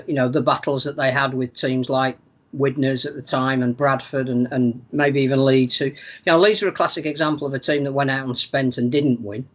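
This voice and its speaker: A man giving measured, analytical opinions on a sports podcast, often repeating words as he thinks. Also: mid-range voice, a bit bright. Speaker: podcast pundit. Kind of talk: casual sports podcast chat.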